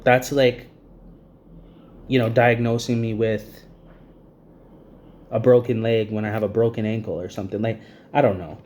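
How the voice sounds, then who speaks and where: Vlogger man in his thirties, lower-pitched mellow voice, breathless and agitated rant, lots of fillers. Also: level tone, moderate pace, long pauses. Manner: agitated, repetitive, many "you know what I mean" fillers. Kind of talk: ranting to camera.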